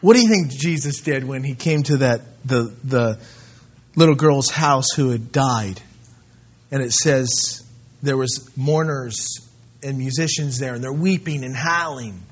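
A man preaching a sermon, swinging between soft asides and loud, emphatic bursts. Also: mid-range voice, unhurried, breathy edge. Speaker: pastor. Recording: dull lo-fi sermon recording.

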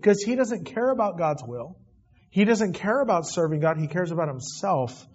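A man's voice: high voice, expressive, normal speed, darkish tone, husky, lo-fi sound. A man preaching a sermon, reading scripture aloud and then commenting in plain asides. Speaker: pastor. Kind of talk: expository sermon.

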